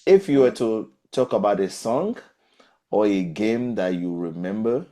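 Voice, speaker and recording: A man hosting a podcast and interviewing children, often pausing and repeating his questions in new words. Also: fairly low pitch, expressive, warm tone. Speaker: podcast host.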